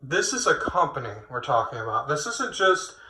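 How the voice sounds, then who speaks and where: A man's voice: mid-range voice, big pitch swings, moderate pace, bright, forceful tone, a little hiss or hum. A man giving a casual late-night opinion rant at home, rambling and swearing, with frequent restarts. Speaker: online commentator. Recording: echoey room.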